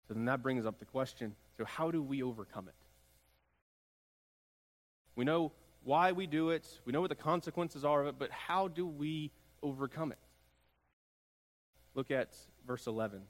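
A man's voice: mid-range voice, normal speed, long pauses. A man preaching a sermon as pastor, building emphasis through repeated phrases. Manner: preaching with rising emphatic repetition. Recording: long hall reverb.

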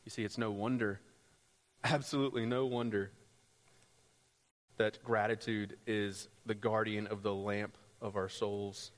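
A man preaching a sermon as pastor, rising into loud, impassioned passages. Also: little pitch movement, measured pace, pauses often. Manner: builds to loud, high-pitched pleading passages. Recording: long hall reverb.

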